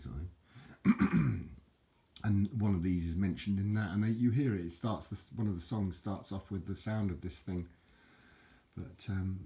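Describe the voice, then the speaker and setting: Filming one-handed on a handheld camera at home, a very low-voiced man hosts a loose, rambling show-and-tell of an object. He sounds slightly mellow, and his casual talk keeps tripping and starting over, packed with fillers and chuckling jokes at his own expense. Now and then he puts on mock Aussie slang just for laughs.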